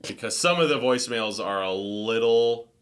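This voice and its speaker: A man co-hosting a podcast, chatting casually in a relaxed, chatty way. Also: medium pitch, normal speed, clear, resonant tone. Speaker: podcast co-host. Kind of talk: casual chat.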